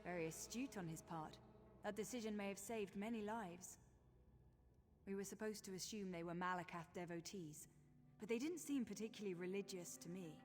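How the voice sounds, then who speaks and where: An earnest, shaken temple priestess, voiced by a woman in a video game, talking things through in a measured, concerned way. Her voice rings with a long reverb, and soft game music plays underneath. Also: mid-range voice, lightly acted.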